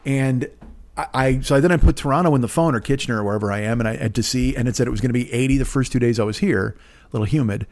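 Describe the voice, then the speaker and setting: Fifties guy doing his podcast solo, smooth voice, swearing a lot, rambling and sarcastic. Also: medium pitch, fast. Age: 50s. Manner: profane, animated storytelling with sarcastic asides. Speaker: podcast host. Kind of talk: casual rambling monologue.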